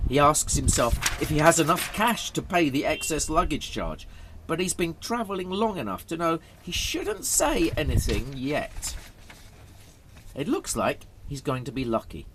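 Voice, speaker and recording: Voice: mid-range voice, a bit bright, a little hiss or hum. A narrator reading a graded story aloud for English learners, telling it dramatically.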